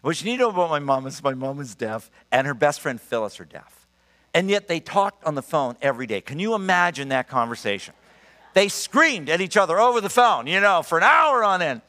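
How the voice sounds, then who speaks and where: A man in his sixties preaching a sermon, emphatic and animated, telling personal stories. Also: on the high side, brisk. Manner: animated, emphatic, storytelling with laughs. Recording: long reverb of a large hall.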